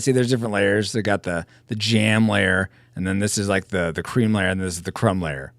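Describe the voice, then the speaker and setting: A man's voice: on the low side, a little fast, few pauses, fairly bright tone, no echo, clean studio sound. A man live-streaming while drawing pixel art, chatting casually and joking about himself to his viewers. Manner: chatty, self-mocking, talks to chat.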